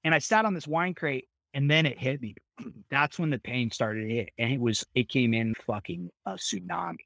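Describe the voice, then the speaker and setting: A man's voice: medium pitch, normal speed, vocal fry, dry recording. A young man, a podcast guest, vividly retelling a dramatic personal story in casual, profanity-laced speech. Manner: vivid, swears freely, animated retelling.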